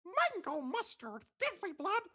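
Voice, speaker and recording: A squeaky Mickey Mouse. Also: male voice, wildly swooping pitch, measured pace, sharp tone, full character voice. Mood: gleeful. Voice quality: squeaky falsetto. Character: cheerful cartoon mouse, squeaky falsetto male.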